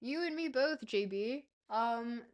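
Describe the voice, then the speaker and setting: A woman's voice: a little high, animated, takes it slowly. A young woman streamer reading a book aloud in a playful put-on British-style accent, chatting casually with her viewers between passages.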